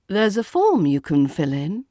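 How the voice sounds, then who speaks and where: A woman's voice: on the low side, wildly swooping pitch, a little slow, warm tone, no echo, clean studio sound. A woman with a British RP accent voicing a weary female airport desk clerk, exhausted but still trying.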